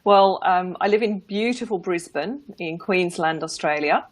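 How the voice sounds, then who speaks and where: A woman's voice: lowish voice, measured pace, no echo. A middle-aged woman with an English accent, chatting casually as a guest about her work as a mindset coach, with a lot of ums and easy laughs. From England. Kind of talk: casual chat on a live stream.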